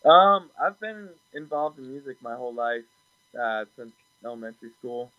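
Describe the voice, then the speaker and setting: A man's voice: medium pitch, lively intonation, normal speed, no echo, lo-fi sound. A man being interviewed over a video call, talking casually and hesitantly with many ums and restarts. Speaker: production assistant and music producer.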